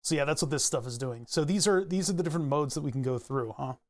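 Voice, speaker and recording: A man's voice: fairly high pitch, fast. Chatty man walking through his code. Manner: rambling, self-correcting, laughs at himself. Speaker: hobbyist electronics maker. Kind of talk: casual code walkthrough.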